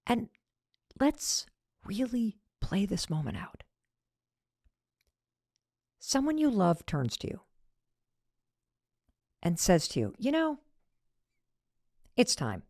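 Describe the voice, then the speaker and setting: A middle-aged woman giving a motivational talk, telling her story with a lively, swooping voice. She acts out the people she quotes. The sound is close and dry. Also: medium pitch, takes it slowly, pauses often, dry recording. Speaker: motivational speaker.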